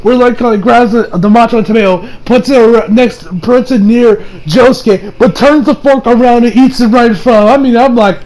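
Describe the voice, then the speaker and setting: Young guy with a pretty high voice gushing about an anime ep, rambly, laughs a lot. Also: moderate pace, hardly any pauses, rough recording. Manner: rambling, laughs often, excitable. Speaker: anime reviewer. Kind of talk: casual episode recap.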